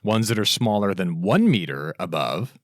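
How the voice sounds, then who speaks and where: A man's voice: low-pitched, expressive, normal speed, dry recording, clean studio sound. A man co-hosting a podcast, dryly reading out definitions in a matter-of-fact way. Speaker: co-host. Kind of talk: casual podcast chat.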